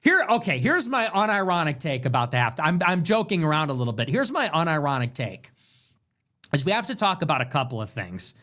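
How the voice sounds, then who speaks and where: A man's voice: on the high side, very animated, brisk, sharp tone. A young man hosting his own livestream, ranting and joking sarcastically about the news. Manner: mocking, joking, rants. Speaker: political streamer host.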